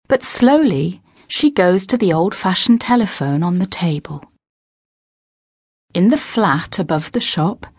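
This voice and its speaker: A woman narrates a learner's story in a slow, clear, expressive reading. Her pitch sits on the low side but swings lively through each sentence. The recording is close and dry. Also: no echo. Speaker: audiobook narrator. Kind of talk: scripted narration for language learners.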